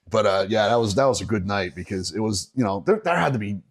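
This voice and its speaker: A middle-aged man from Northeastern Pennsylvania, a bassist guest on a podcast, telling a rowdy story in a casual, profane way and often breaking into laughter. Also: expressive, normal speed, vocal fry.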